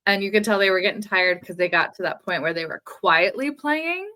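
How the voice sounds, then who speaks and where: A woman in her thirties co-hosting a casual podcast, with a bright, crisp voice. She tells her stories in an animated way and laughs easily as she goes. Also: mid-range voice, a little fast. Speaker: podcast co-host.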